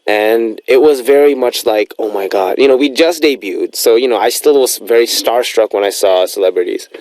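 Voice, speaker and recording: A man's voice: mid-range voice, normal speed, a little mellow, dry recording. A young man hosting a radio show in a studio, chatting casually and rambling with lots of fillers.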